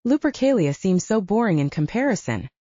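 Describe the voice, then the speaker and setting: A woman voicing a gentle, sheltered young woman from another realm, speaking softly and with delight. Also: mid-range voice, very animated, brisk, dry recording, lo-fi sound. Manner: soft, wide-eyed and delighted.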